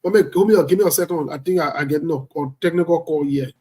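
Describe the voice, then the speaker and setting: Indignant male caller, husky and high-pitched, forceful and insistent. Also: fast talker. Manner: forceful, indignant, repeats points. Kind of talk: heated call-in talk.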